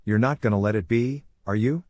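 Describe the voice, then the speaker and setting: A man's voice: fairly low pitch, fairly quick, darkish tone, dry recording, clean studio sound, close to an everyday voice. A man voicing a cheeky, laid-back young male ninja in a story reading, offhand and nonchalant.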